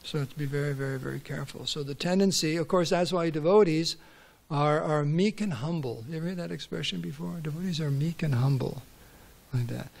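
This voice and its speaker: Man teaching scripture class, gravelly, fairly high voice, repeats words for stress. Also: fairly quick.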